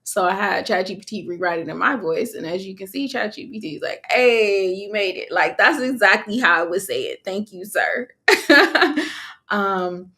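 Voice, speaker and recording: A woman's voice: mid-range voice, moderate pace, few pauses, sharp tone. A young woman from California, an online course creator, talking casually on a live stream, chatty and slangy, laughing often.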